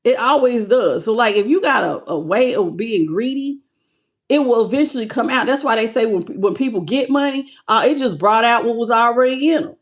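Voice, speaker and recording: Tarot reader, woman, slightly high pitch, loose and chatty, calls viewers "baby". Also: expressive, a little fast. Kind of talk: casual livestream tarot reading.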